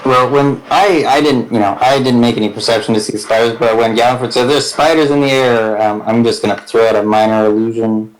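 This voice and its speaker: Male player, mid-pitched, hesitant, thinks aloud. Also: steady tone, brisk, low-quality recording. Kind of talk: casual tabletop game play.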